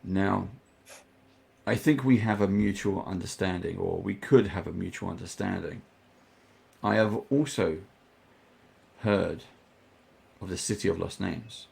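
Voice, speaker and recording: A man running a tabletop game, speaking in character as a leader briefing the party in a slow, measured way. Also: deep voice, creaky, a little mellow. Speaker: dungeon master.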